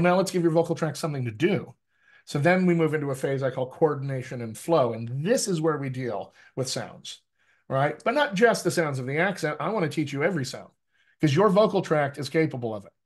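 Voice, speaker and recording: A man working as a dialect coach, teaching a workshop over a video call with an animated, emphatic manner. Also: medium pitch. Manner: animated, emphatic, repeats phrases for effect.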